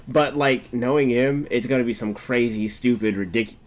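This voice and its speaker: A young man streaming a game, chatting casually, swearing often and breaking into laughter and excited outbursts. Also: mid-range voice, normal speed. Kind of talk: casual gameplay commentary.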